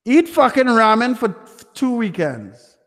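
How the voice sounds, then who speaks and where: A young man hosts a live Q&A and rants at his viewers, swearing freely and talking bluntly. His voice sits high for a man. The sound carries a long hall-like reverb. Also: sing-song, measured pace, fairly bright tone. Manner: profane, ranting, blunt. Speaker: livestream host answering chat questions. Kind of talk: live Q&A stream.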